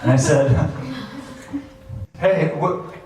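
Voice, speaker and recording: A man's voice: on the high side, moderate pace. A man in his thirties tells a personal story to a live audience, acting out his own past thoughts with chuckles. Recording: very echoey, distant, faint hiss.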